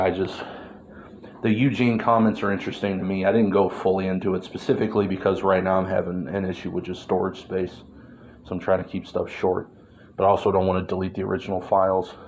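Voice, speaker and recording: A man's voice: low voice, a little mellow, slight background noise. A man vlogging in a meandering monologue, full of fillers and swearing. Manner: meandering, filler-heavy, profane. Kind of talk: rambling monologue.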